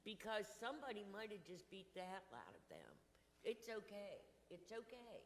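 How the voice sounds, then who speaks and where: A woman's voice: mid-range voice, very animated, moderate pace, a little hiss or hum. A woman giving an impromptu, rambling and emotional tribute in church, joking as she goes. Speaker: congregation member giving a tribute. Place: church hall. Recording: echoey church hall.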